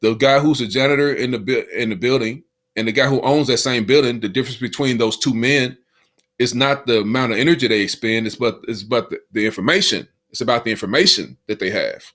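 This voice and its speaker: A man's voice: mid-range voice, fast, a bit bright. A man co-hosting a podcast, talking in a casual, motivational way and repeating "you know" often. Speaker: podcast co-host.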